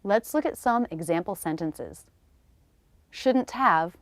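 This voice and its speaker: Slow, lively-voiced American woman teaching pronunciation. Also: on the low side, no echo. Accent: General American. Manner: slow, over-articulated demonstration of sounds. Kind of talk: scripted pronunciation lesson.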